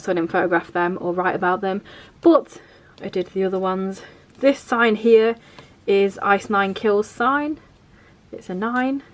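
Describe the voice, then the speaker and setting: A woman vlogger chatting casually through her journal pages, rambling and peppering her talk with fillers. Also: medium pitch. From England.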